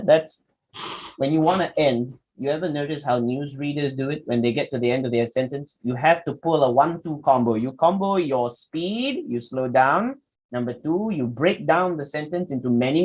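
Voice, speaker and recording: A man's voice: fairly high pitch, animated, normal speed, a little mellow, slightly rough. A man giving a public speaking workshop, demonstrating with his voice and asking the audience questions. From Malaysia. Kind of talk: workshop lecture.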